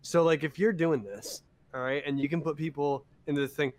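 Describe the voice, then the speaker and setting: Excitable laid-back young-sounding man. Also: fairly high pitch, brisk. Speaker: podcast co-host. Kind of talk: casual chat.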